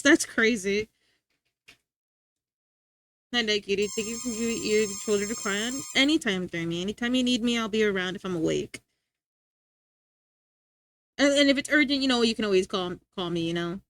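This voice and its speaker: A woman's voice: fairly high pitch, brisk, no room sound. A young adult woman streaming live, giggling often as she chats casually with her viewers. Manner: giggly, animated, chatty. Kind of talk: casual chat reading live chat. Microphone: streaming mic.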